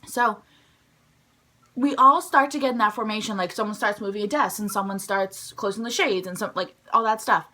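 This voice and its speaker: A young woman telling a story from her school days in a chatty vlog style, full of "like" and quick asides. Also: medium pitch. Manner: chatty, animated, heavy use of "like". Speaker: vlogger. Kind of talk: casual storytime.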